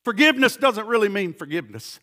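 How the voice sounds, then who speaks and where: Impassioned high-voiced male preacher. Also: very animated, quick pace. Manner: impassioned preaching, swinging from loud fervor to hushed intensity, with repeated words. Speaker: pastor. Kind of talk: sermon.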